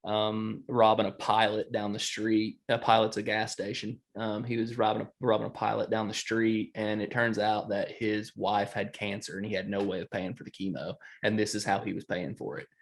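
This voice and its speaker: A man's voice: on the low side, little pitch movement, normal speed, vocal fry, few pauses. A man, co-hosting a casual chat and rambling through a story, laughing often. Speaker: podcast co-host.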